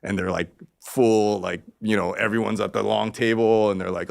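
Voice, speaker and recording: A man, an artist guest, telling a story in casual, rambling talk, cursing freely and getting animated. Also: lowish voice, normal speed, gravelly.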